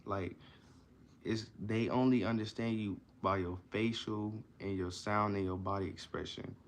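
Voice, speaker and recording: Low-voiced man reading and explaining casually. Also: normal speed. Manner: reads passages, then explains them in loose slang asides; repeats himself and restarts often. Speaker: vlogger reading a self-help book aloud.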